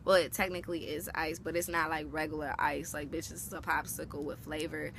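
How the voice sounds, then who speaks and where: A young woman vlogger telling a personal story in a casual, animated, heavily profane and slangy way. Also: low voice, a little fast, gravelly, a little hiss or hum.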